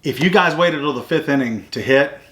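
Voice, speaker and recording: A man talks through a softball game play by play. His voice sits a little high and sounds bright and forceful. He chats casually, with plenty of fillers and restarts. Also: brisk. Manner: chatty, recounts plays step by step with fillers. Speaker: sports recruiting show host. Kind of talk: casual game recap chat.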